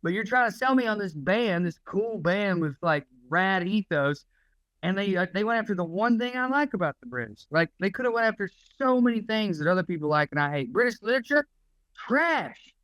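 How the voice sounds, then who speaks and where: A man's voice: high-pitched, lively intonation, fairly quick, fairly bright tone, dry recording, low-quality recording. A man co-hosting a podcast, ranting in casual, profane chat. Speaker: podcast co-host.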